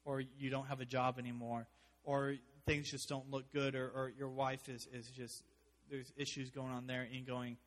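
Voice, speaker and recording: A man preaching a sermon as pastor, animated, with joking asides, swinging from loud to hushed. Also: medium pitch, moderate pace, long reverb tail.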